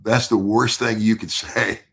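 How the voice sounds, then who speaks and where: Older male guest, low gravelly voice, loose storyteller who repeats and restarts words. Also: level tone, a little slow, a bit bright. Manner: chuckles through his own story. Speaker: podcast guest. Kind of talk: casual storytelling.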